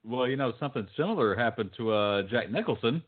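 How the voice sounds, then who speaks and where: A man with a mid-range voice co-hosts a podcast in loose, profane chat, delivering dry quips and reading search results aloud. His pitch moves freely, and the sound is narrow and phone-like. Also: lively intonation, fast talker. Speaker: podcast co-host. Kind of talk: casual chat.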